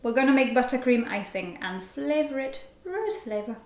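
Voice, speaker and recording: A woman with a fairly high voice talks through a recipe in a loose, chatty way, breaking into giggles as she works. Her voice bounces around a roomy, echoey kitchen. Dishes and cutlery clatter behind her. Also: lively intonation, moderate pace, background noise. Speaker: baking vlogger. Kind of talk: casual recipe tutorial. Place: home kitchen.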